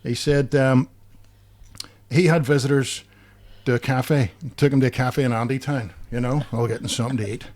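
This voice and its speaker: With a darkish, mid-range voice and fairly even intonation, this Belfast man talks at normal speed while co-hosting a podcast. He's a chatty storyteller, loading his rambling comic anecdotes with fillers and chuckling at his own jokes.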